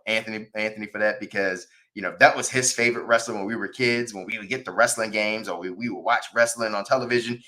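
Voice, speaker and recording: A man hosting a podcast, chatting casually about wrestling, rambling with many fillers and restarts and rising excitement. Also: fairly low pitch. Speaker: podcast host.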